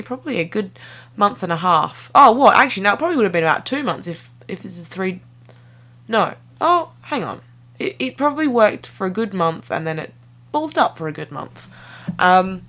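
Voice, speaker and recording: A woman's voice: fairly low pitch, a bit bright. A young woman, rambling casually to camera in a playful, self-mocking way that jumps between tangents. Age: young adult. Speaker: vlogger.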